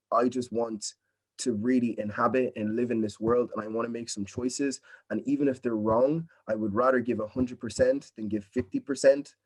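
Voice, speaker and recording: A man's voice: mid-range voice, a little mellow. A young man from Nigeria, a drama student, talking casually and earnestly in an interview over a video call, encouraging and often adding "you know what I mean". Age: young adult.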